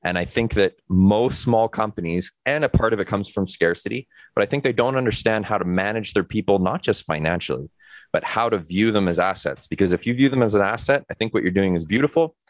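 A man's voice: lowish voice, brisk, no room sound. A man co-hosting a casual podcast, making his points emphatically. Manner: opinionated, emphatic.

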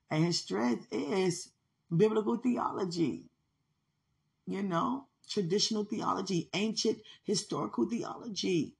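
With vocal fry in her slightly rough, mid-range voice, a woman hosts a spiritual podcast. She talks to her listener fervently, often laughing and exclaiming, testifying with mounting passion.

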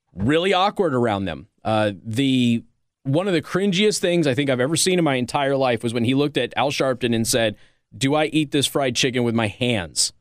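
A man's voice: medium pitch, dry recording, studio quality. A man hosting a commentary show, talking casually with a sarcastic, rambling manner and frequent restarts. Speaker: political commentary host.

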